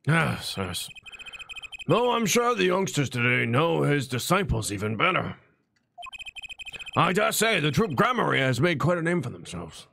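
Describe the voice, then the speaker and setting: A man voicing a formal, stately male courtroom figure in a gravelly voice, reading game lines aloud. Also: a little high, sing-song, a little slow, sharp tone, a little hiss or hum, exaggerated voice. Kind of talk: playthrough voice acting.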